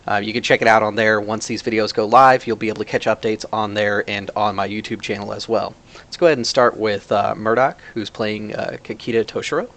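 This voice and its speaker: A man with a fairly low voice runs a tabletop game and introduces each player. He talks in a relaxed, chatty way, pausing often on fillers. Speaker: game master and channel host. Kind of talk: casual introductions.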